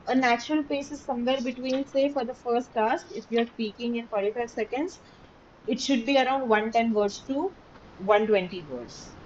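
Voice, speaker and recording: Female instructor, emphatic lecture delivery with frequent check-ins; slightly muffled recording, faint low hum. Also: normal speed, darkish tone. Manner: emphatic, repeats key words, checks understanding. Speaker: teacher. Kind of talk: online class lecture.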